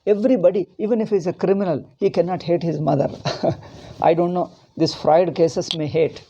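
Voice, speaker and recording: A man's voice: high voice, fairly even intonation, moderate pace, dark tone, muffled recording. A middle-aged man from India with an Indian English accent, giving a rambling, impassioned religious discourse as a spiritual teacher. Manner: rambling and impassioned, with many restarts.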